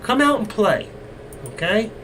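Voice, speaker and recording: A man hosting a live trading stream, coaxing and teasing his viewers and now and then breaking into loud shouts. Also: sits high, expressive, a little slow. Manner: coaxing, teasing and exasperated with the chat. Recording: distant mic, faint room noise.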